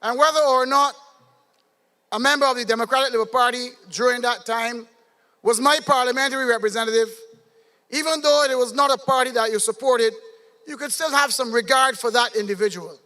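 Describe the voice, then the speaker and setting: A Barbadian man from Barbados giving a measured, pointed political rally speech. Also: very high-pitched, sharp tone, in a large hall. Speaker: political candidate.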